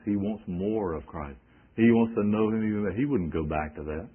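A man's voice: deep voice, normal speed, breathy edge, narrow, tinny audio. A male preacher giving an emphatic sermon, quoting scripture and asking rhetorical questions.

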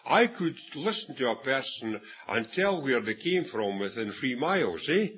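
A man's voice: mid-range voice, sing-song, moderate pace, slightly rough, lo-fi sound. A Scottish man preaching a sermon, telling a Bible story and acting out the quoted voices, with frequent restarts. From Scotland.

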